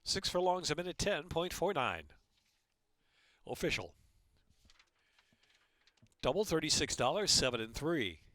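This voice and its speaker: A man with an American accent calling horse races and reading track announcements in a brisk, rhythmic way. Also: a little high, dry recording. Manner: brisk, rhythmic, rising to a loud excited call in the stretch.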